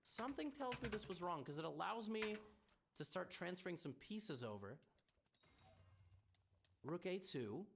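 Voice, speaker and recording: Lively man thinking aloud over chess. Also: high-pitched, unhurried, gravelly, long pauses, background noise. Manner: ponders moves aloud, stammering restarts, wry teasing. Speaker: chess streamer.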